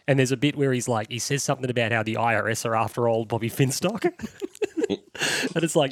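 A man's voice: medium pitch, sing-song, brisk, no echo, studio quality. A man co-hosting a casual podcast chat on a headset mic, rambling from one tangent to the next and laughing often. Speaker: podcast co-host.

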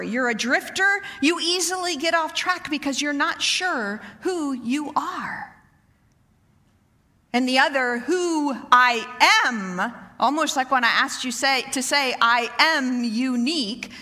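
A middle-aged woman giving a sermon to women, loud and animated in her delivery. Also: high voice. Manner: loud, animated preaching, says so herself. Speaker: women's ministry speaker. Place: church sanctuary. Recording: reverberant church hall.

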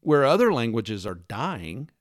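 Man for a sarcastic opinion monologue, lively swooping delivery, dry close sound. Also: medium pitch, measured pace, dry recording. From United States. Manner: emphatic, sarcastic, lecturing with rhetorical questions; mimics accents in quoted lines. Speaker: commentator.

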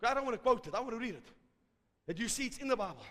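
Man, preacher, very high bright voice, fervent sermon, shouts, long hall reverb. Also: very animated, racing. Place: large church hall. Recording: hall reverb from a live service.

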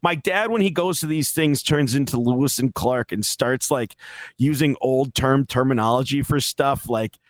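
A man's voice: normal speed, no room sound. A young man telling stories in a casual podcast chat, quoting people and laughing as he goes. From Boston area. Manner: animated storytelling, quoting people in pitched-up voices, laughing. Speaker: guest storyteller.

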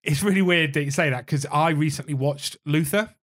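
A man's voice: a little high, a little fast, fairly bright tone. A young British man co-hosting a podcast, chatting casually, agreeing often and swearing freely. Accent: British English. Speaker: podcast co-host. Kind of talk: casual chat.

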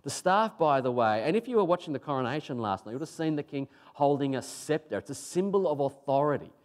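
A man's voice: on the high side, expressive, quick pace. A man preaching from the pulpit in a slightly raised voice. He keeps his delivery casual and emphatic and repeats phrases to drive points home. The tone is a plain, everyday talk to a congregation. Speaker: pastor. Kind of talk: sermon.

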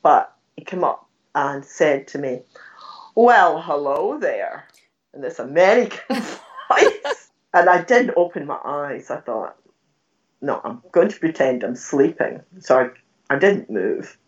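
An older woman telling stories in an interview, animated and laughing often, acting out what she said back then. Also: low-pitched, measured pace. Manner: animated storyteller, laughs often, acts out her own past words. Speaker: guest telling ghost stories. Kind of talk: storytelling in an interview. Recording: dull, slightly distant recording.

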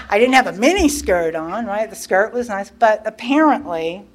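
Middle-aged woman sharing her story, chatty and animated, laughs a lot, does the voices in her story. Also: medium pitch. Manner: animated, laughs often, acts out quoted dialogue. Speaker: guest speaker. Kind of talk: recovery share, casual storytelling.

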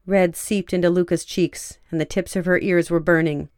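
Smooth, low-voiced woman narrator. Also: steady tone, moderate pace, a little mellow, no room sound, studio quality. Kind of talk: audiobook fiction narration.

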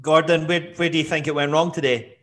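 A man's voice: on the high side, steady tone, brisk. A man hosting a football podcast, chatty and jokey, with frequent fillers and restarts. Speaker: podcast host. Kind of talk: casual podcast chat.

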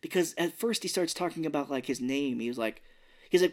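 Animated podcast co-host retelling a movie. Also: medium pitch. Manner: animated, acts out characters' lines in quick impressions. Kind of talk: casual movie review chat.

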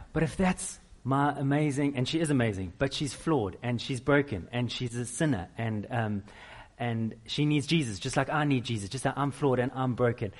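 A middle-aged man preaching a sermon, with animated, self-deprecating storytelling. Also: mid-range voice, normal speed, hardly any pauses. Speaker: pastor.

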